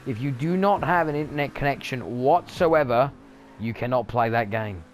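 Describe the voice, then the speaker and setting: A man's voice: mid-range voice, animated, moderate pace, a little hiss or hum. A man ranting angrily in a sweary gaming vlog monologue. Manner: angry, sweary rant. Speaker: gaming vlogger.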